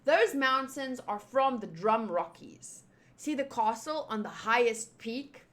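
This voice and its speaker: A dutiful guard captain from a comic read aloud, earnest and formal, as a woman voices him in her own high voice. He speaks slowly with plenty of lift in his lines. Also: expressive, a bit bright.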